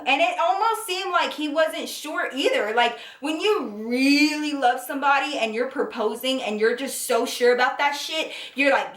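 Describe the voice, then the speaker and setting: A young woman with a slightly high voice tells a personal story, casual and profane, acting out every line people said. She sits back from the mic in a bare, echoey room. Her delivery is loose and animated. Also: moderate pace, hardly any pauses, distant mic. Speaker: vlogger. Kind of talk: storytime vlog.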